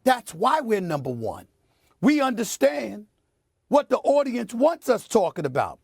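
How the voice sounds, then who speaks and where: A middle-aged man hosting a sports debate show, making his point with forceful, preachy repetition in a TV studio. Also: extremely high pitch, huge pitch swings, measured pace, creaky, breathy edge, dry recording. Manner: emphatic and preachy, repeats phrases for effect. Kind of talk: heated on-air sports commentary.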